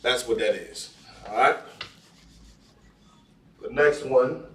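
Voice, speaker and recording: A man leads a classroom lesson, repeating each word and stopping to ask "all right?" His voice sits at an ordinary middle pitch. It is picked up from a distance in a roomy, echoing space. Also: slow, fairly bright tone, slight background noise. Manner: repetitive, checks in with "all right?". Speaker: language class teacher. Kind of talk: classroom teaching. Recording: echoey room, far from mic.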